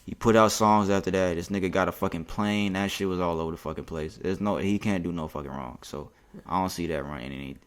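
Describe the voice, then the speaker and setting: A man's voice: low-pitched, brisk. A young man co-hosting a podcast, telling stories in casual chat, swearing a lot and acting out the quotes. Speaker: podcast co-host.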